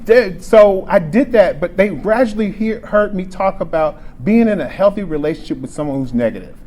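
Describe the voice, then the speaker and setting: A man's voice: high-pitched, expressive, moderate pace, darkish tone, a little hiss or hum. A man in his forties giving a frank, emotional personal testimony at a recovery convention, often restarting his sentences. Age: 40s. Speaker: speaker sharing recovery story at a convention. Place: convention meeting room.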